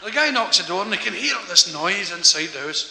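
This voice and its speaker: Stand-up, high lively voice, giggly rambling storyteller, big reverberant hall. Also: male voice, brisk, gravelly, crowd noise. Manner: rambling, giggly, acts out characters. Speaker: stand-up comedian. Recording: echoey hall with background noise.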